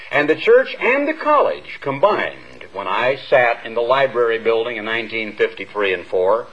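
An older American man, a minister, preaching an earnest, measured sermon to a congregation, with emphatic rises and long pauses. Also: mid-range voice. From United States. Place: church hall before a congregation. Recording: dull lo-fi radio broadcast.

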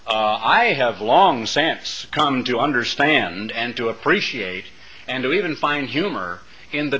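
A man delivering a rambling, opinionated monologue as a radio talk show host, with many pauses and fillers. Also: medium pitch, sharp tone, slightly rough, rough recording.

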